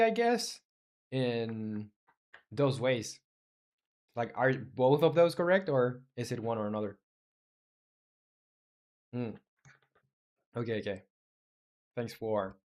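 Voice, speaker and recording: A man, not a native English speaker, live-streaming his game coding, thinking aloud in halting phrases full of fillers and muttering search terms as he reads. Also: mid-range voice.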